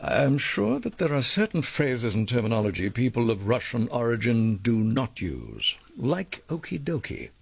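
An actor in a radio drama playing a measured, formal leader of a covert team. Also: male voice, mid-range voice, huge pitch swings, creaky, breathy edge, full character voice.

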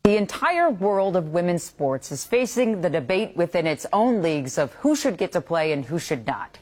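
Woman anchor with a lively, pointed delivery. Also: lowish voice, moderate pace. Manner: pointed, disapproving editorial delivery. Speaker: TV news anchor. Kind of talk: scripted news commentary.

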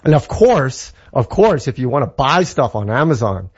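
A man from Canada talks up a new gadget with eager enthusiasm, rambling through fillers and restarts as he explains it. His pitch sits in an ordinary middle range. The audio comes through dull and muffled. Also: sing-song, normal speed, husky. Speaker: tech guest. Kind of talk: casual tech talk segment.

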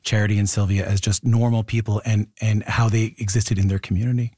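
A man's voice: lowish voice, flat delivery, a little fast, warm tone, husky, studio quality. A man hosting a radio interview, asking probing questions and echoing his guest's words back. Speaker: radio host.

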